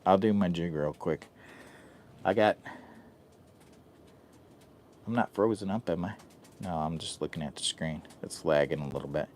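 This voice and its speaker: Low and darkish, this man's voice moves fairly quickly, with a little hiss or hum on the audio. He's running a casual livestream from a hot tent as wind and rain hit his campsite, hyper and self-mocking with his chat.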